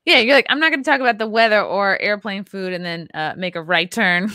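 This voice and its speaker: A woman's voice: mid-range voice, fairly quick, sharp tone, no room sound, clean studio sound. A woman hosting a podcast, asking chatty follow-up questions and laughing often. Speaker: podcast host. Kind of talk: casual podcast interview.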